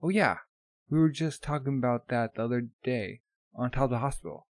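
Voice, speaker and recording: Brief: spunky teen girl mechanic, man in a raised voice, sharp and loud when cross. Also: brisk, no room sound, natural voice. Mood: teasing. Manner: shrill outbursts. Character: feisty teenage girl mechanic.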